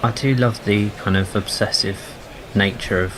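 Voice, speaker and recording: A man's voice: fairly low pitch, fairly even intonation, moderate pace, fairly bright tone, low-quality recording. A man chatting casually as co-commentator on a cricket broadcast. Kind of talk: casual chat during commentary.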